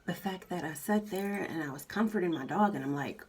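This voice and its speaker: Woman vlogger, fairly low voice, candid rambling chat, recorded a bit away from the mic. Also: brisk, a little mellow, distant mic. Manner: candid, rambling, repeats herself, lots of fillers. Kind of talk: casual chat.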